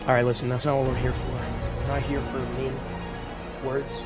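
A man's voice: medium pitch, completely flat delivery, normal speed. An American man bantering on a stream, playfully indignant, with music playing underneath. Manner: playful, mock-indignant outbursts. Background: background music.

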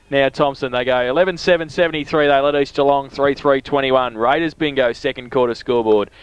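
An Australian man calling football play-by-play on local radio, climbing in pitch as goals come. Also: fairly even intonation, a little fast, few pauses, clean tone. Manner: rises sharply in pitch when goals are kicked, laughs often. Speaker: play-by-play commentator. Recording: dull lo-fi broadcast sound.

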